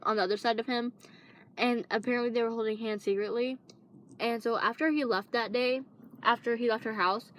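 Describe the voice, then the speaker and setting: A woman's voice: on the high side, slight background noise. A teenage girl casually telling a long personal story, rambling with lots of fillers and restarts. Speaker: vlogger.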